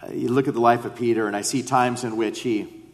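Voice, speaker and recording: A man's voice: mid-range voice, steady tone, fairly quick. A man preaching a sermon and reading scripture, earnest, acting out quoted lines with rising emphasis. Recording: long reverb of a large hall.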